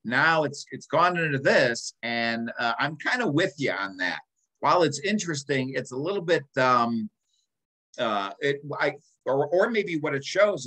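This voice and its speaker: Sixty-something male co-host, mid-pitched, rambling and full of fillers. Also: bright, forceful tone, poor audio. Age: 60s. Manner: rambling, many ums and uhs, self-interrupting. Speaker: podcast co-host. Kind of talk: casual chat.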